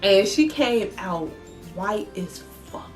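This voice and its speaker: A young woman vlogger, telling her story in a blunt, profane, animated way. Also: medium pitch, slow pace, faint music behind. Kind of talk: casual storytelling vlog.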